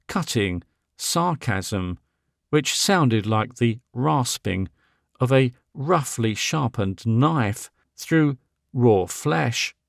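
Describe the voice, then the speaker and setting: A man narrating a Victorian novel as an audiobook, measured and dramatic. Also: mid-range voice, vocal fry, no room sound, clean studio sound.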